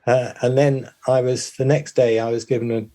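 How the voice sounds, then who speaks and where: An older man from the United Kingdom, a former pilot, chatting in an interview in a hesitant, halting way with many restarts. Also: medium pitch, level tone, dark tone. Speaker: guest, former RAF bomber pilot. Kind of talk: casual interview chat.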